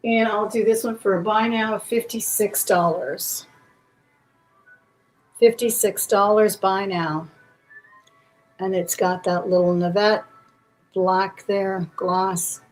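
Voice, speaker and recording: A woman runs a live jewelry auction and talks warmly and casually while she turns each piece over in her hands. Her voice rings a little in an echoey indoor room. Faint music plays underneath. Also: mid-range voice, steady tone, slow pace, pauses often. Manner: chatty, describes pieces while handling them. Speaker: auction host. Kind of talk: live-stream jewelry sale. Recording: roomy echo, faint music behind.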